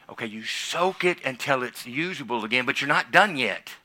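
A male pastor preaches a personal story with a very bright, ringing tone. He tells it with animated energy, dropping to quiet asides and then rising to loud, excited emphasis. His voice sits in a middle pitch for a man. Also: normal speed. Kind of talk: sermon testimony.

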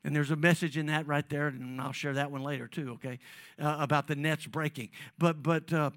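A man preaching a sermon, calling on the congregation and swinging between loud emphasis and soft, drawn-out phrases. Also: on the high side, fairly even intonation, no echo. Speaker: pastor.

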